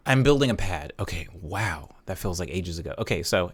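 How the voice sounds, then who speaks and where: A man's voice: sits low, animated, normal speed, few pauses. A man casually chatting on a live stream from his home studio while producing music, humming and scatting notes aloud as he works. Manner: chatty, hums and scats chord notes aloud.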